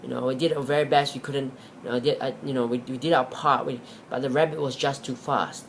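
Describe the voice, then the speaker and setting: A man's voice: mid-range voice, steady tone, brisk, vocal fry, slight background noise, natural voice. A man doing apologetic hunting dogs. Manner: apologetic, pleading.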